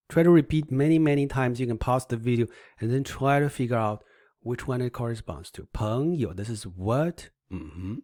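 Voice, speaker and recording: A man's voice: mid-range voice, animated, measured pace, darkish tone, no echo, clean studio sound. A man giving an online language lesson, patiently demonstrating tones by humming and repeating sing-song syllables, often checking in with "right?". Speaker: language teacher.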